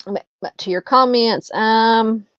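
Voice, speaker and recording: Southern woman, true crime streamer, relaxed filler-heavy chat, dull lo-fi sound. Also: a little high, slow, clean tone, no echo. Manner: relaxed and chatty, frequent ums and uhs. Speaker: true crime livestream host. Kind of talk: casual livestream chat reading viewer comments. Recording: dull lo-fi dry home mic.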